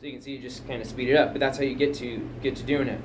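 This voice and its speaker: A man's voice: mid-range voice, fairly even intonation, rapid-fire, over loud music. A man casually explaining a drum pattern, rambling and chatty, counting beats aloud at home. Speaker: drum teacher. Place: home music room. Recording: home room, mic picking up loud drum kit from a distance.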